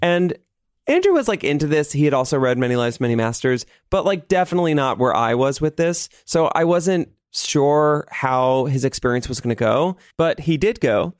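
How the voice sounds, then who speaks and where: A man's voice: on the high side, expressive, moderate pace, no room sound. A young man telling a personal story in a casual, dramatic way, with laughter and swearing along the way. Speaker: podcast host.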